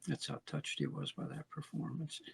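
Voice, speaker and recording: A man's voice: on the high side, steady tone, normal speed, vocal fry, slight background noise. A man hosting a show, talking conversationally with restarts. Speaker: host. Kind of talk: commentary.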